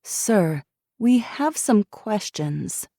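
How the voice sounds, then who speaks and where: A woman's voice: medium pitch, sing-song, very slow, vocal fry, mellow, no room sound, clean studio sound, pitched above the performer's own voice, exaggerated voice. A woman voicing an earnest female deputy who speaks politely and pleadingly.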